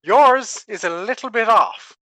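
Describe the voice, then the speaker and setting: A man's voice: very high voice, lively intonation, measured pace, sharp tone, no echo, exaggerated voice. A man playing a smug, boastful adventurer. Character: cocky young adventurer man.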